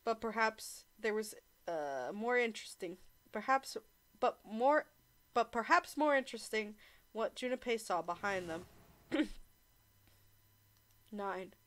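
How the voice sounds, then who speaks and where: A woman's voice: a little high, animated, slow, pauses often, a bit bright. A young woman casually reading a visual novel aloud, swearing and joking between lines. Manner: swears, laughs, breaks off to joke. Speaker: streamer narrating a visual novel. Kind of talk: casual read-along narration.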